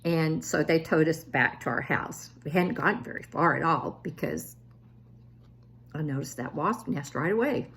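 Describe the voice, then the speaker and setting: A woman in her seventies vlogs casually about her family, poking fun at herself and growing animated when she quotes relatives. Her voice is deep and breathy-edged, at a moderate pace.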